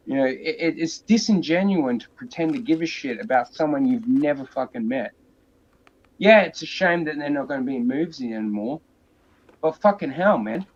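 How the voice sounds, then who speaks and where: Speaking at normal speed with a medium pitch and lively intonation, a man hosting a podcast rants profanely and crudely. He's heated, curses constantly, and the sound is dull and lo-fi.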